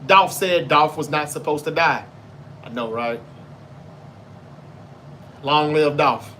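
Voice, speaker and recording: A man's voice: fairly high pitch, slow, sharp tone, slight background noise. A Southern American man from Memphis hosting a live show, chatting casually, reading viewer comments and answering them with loose, profane talk. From Memphis, Tennessee. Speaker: livestream show host.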